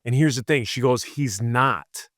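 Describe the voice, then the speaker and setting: A man's voice: medium pitch, unhurried, fairly bright tone, dry recording, clean studio sound. A man, a police officer, casually telling a rambling story on a podcast and acting out the people in it. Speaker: podcast co-host.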